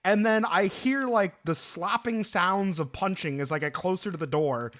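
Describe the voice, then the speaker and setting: A man in his twenties casually telling a story, animated and profane, rambling with lots of fillers. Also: sits high, normal speed.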